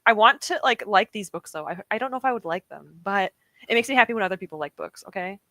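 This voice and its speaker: Chatty and giggly, a young woman at her home desk hosts a reading stream, responding to her live chat and laughing frequently. Her medium-pitched voice is animated, pushed and bright, moving at a quick pace, with no room sound.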